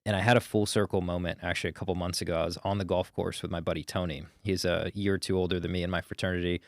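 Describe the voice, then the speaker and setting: A man in his thirties talks as a podcast guest, telling stories about sales with energy and a loose, casual edge. His voice sits low, and the recording is dry and close, with no room sound. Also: rapid-fire, no echo. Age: 30s. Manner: energetic storyteller, swears casually. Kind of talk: casual interview talk.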